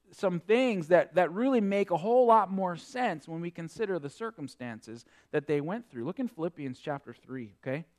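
A man preaching a sermon, quoting scripture in old-fashioned wording and swinging between emphatic peaks and quieter asides. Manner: emphatic preaching, rising and falling in pitch and loudness. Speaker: pastor.

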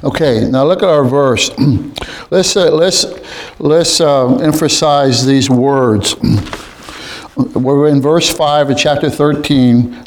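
Halting man leading a Bible study. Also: mid-range voice, steady tone. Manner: halting, many restarts and throat clearing. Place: group room with others present.

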